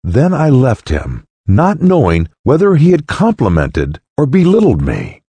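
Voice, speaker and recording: A man reading parables aloud in a solemn, deliberate storytelling voice. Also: wildly swooping pitch, mellow, slightly rough, dry recording. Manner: solemn, deliberate, with wide swings in pitch. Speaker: narrator. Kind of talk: slow dramatic reading of parables.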